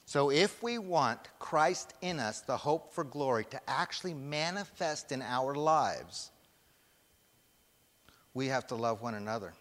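A man's voice: mid-range voice, expressive, a little slow, fairly bright tone. A man preaching a sermon, emphatic, putting questions to the congregation and waiting for their answers. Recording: long hall reverb.

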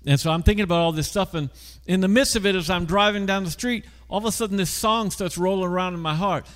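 A man's voice: high voice, fast, fairly bright tone. Man preaching in a reverberant church. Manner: storytelling, asks the congregation questions. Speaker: pastor. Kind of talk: conversational sermon.

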